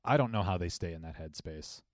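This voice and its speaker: A man co-hosting a podcast in casual chat, relaxed and reflective, explaining his points at length. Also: deep voice, a little fast, dry recording, studio quality. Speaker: podcast co-host.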